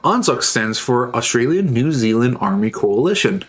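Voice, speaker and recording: A man's voice: medium pitch, big pitch swings, moderate pace, slightly rough. A male streamer talking casually while he assembles models on stream. He rambles, makes jokes and stops to answer messages from his chat.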